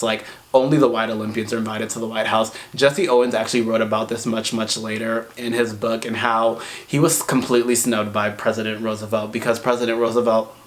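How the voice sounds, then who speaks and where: A man hosting a history video, talking casually with wry asides and words repeated for emphasis. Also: medium pitch. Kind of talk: casual spoken commentary.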